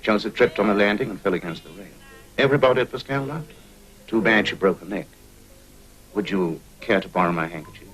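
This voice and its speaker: An actor playing a cool, needling private eye in a 1950s crime film, dry and sardonic. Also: male voice, on the low side, lively intonation, brisk, fairly bright tone, faint music behind, poor audio.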